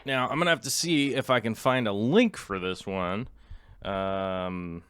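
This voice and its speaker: A man's voice: on the low side, unhurried, fairly bright tone, clear, resonant tone. A middle-aged man hosting a livestream in casual chat. He rambles with many ums and restarts and reads viewer comments aloud. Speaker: livestream host.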